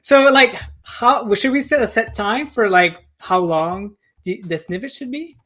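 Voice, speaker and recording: A co-host chatting casually and excitedly about a challenge, laughing often. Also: medium pitch, a little slow. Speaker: co-host of the other show. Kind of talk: casual chat.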